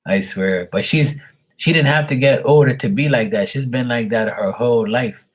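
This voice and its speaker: A man's voice: medium pitch, normal speed. A man chatting casually on a live tarot stream, rambling and exasperated, swearing freely. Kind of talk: casual livestream chat.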